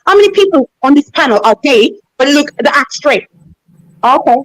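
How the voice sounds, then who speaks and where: A high-voiced woman with a swooping, animated delivery, bantering on a live online panel. She talks in a crude, teasing, flirty way. The sound is close and dry, picked up by a computer mic on a call. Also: normal speed, no echo, poor audio. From Jamaica.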